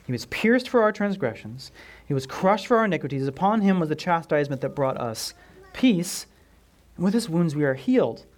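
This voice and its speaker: A man preaching a sermon as pastor, emphatic, asking the congregation questions and swinging from loud stressed words down to a near whisper. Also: fairly high pitch, big pitch swings, moderate pace.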